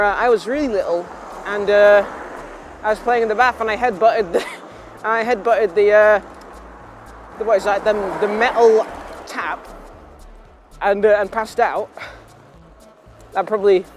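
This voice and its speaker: A man's voice: high voice, a little hiss or hum. A young man telling rambling, self-mocking stories to camera, laughing often and drifting into tangents. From England. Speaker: vlogger. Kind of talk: rambling casual storytelling.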